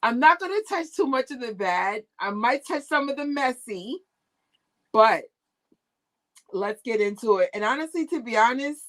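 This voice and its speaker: Woman host of a casual fan livestream, talkative and lively, quick to laugh, recorded on a tablet mic. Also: medium pitch. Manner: chatty, animated, laughs often. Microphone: tablet used as camera.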